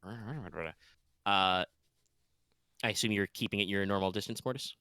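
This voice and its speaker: A male game master narrating a tabletop game in a playful, rambling way with plenty of fillers. His voice sits fairly low but rings bright and smooth, recorded dry and close. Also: unhurried, no echo.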